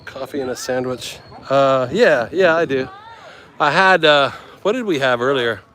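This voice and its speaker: A man strolls through a seaside town, thinking aloud and cracking jokes for his travel vlog. He talks slowly and loosely, in an ordinary mid-range voice, the easy commentary of someone exploring a place on foot. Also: mid-range voice, animated, fairly bright tone, a little hiss or hum, low-quality recording. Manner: joking, chatty, thinking aloud. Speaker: travel vlogger. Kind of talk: casual walking vlog commentary.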